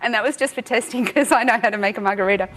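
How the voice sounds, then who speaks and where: A woman giving a live software demo at a tech talk, chatty and self-mocking, laughing often. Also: fairly high pitch, rapid-fire, crowd noise. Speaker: tech speaker.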